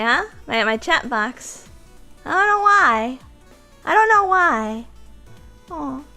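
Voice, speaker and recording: Giggly high-voiced woman streamer, hoarse. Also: sharp tone. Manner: giggly, chatty, talks to her chat. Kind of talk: casual live-stream chat.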